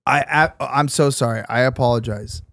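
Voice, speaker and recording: A man co-hosting a casual podcast, sounding defensive and apologetic. He stumbles through a long statement read aloud. The sound is dry, with no room echo. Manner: defensive and apologetic, climbing high and loud when upset; reads a statement aloud haltingly. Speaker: podcast co-host.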